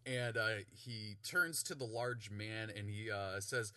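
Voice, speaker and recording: A man running a tabletop game as game master, narrating in an animated way with many stumbles and fillers. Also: fairly low pitch, takes it slowly, no echo.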